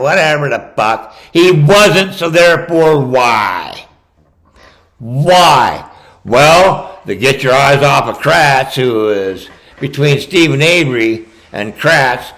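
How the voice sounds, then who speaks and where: A man's voice: on the high side, a bit bright, poor audio. A man giving ranting true-crime commentary, combative and profane, talking straight at the person he criticizes. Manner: combative, profane, addresses his target directly.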